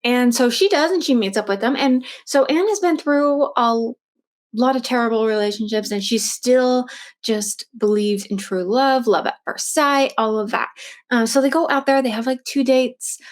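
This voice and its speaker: A woman with a slightly high voice tells a true crime story in a loose, casual way. She talks in a chatty flow, full of fillers and restarts. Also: moderate pace.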